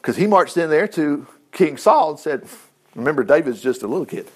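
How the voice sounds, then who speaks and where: Animated preacher man, fairly high voice. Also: fairly quick, husky. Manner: animated, jumps between hushed asides and loud exclaims. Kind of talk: sermon.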